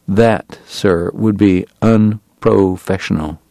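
A man voicing a formal, long-winded gentleman dentist and gambler with a Southern drawl, verbose and precise. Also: sits low, fairly even intonation, takes it slowly, creaky, no room sound, heavily acted. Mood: offended. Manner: verbose, precise and courtly, prickly about his honor.

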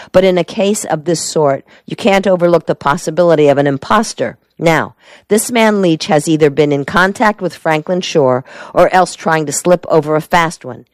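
Woman reading a matter-of-fact male lawyer, low pitch, dry close mic. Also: dry recording, natural voice.

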